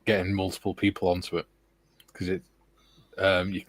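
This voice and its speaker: A man's voice: low-pitched, completely flat delivery, moderate pace, dry recording. A man hosting a casual live stream, reading out chat messages with laughs and the odd swear word.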